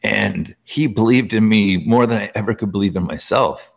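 A man from Canada with a fairly low voice tells personal stories as a guest author in an interview. He talks in an animated way, filling his sentences with "like" and letting his pitch leap upward as he gets going. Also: moderate pace, gravelly. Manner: animated, filler-heavy, frequent jumps up in pitch. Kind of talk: emotional personal storytelling in an interview.

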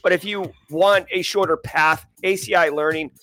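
A man hosting a daily cybersecurity news livestream, hyped and sing-song as he shouts out viewers and places. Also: sits high, fairly even intonation, normal speed. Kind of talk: energetic livestream chat with viewers.

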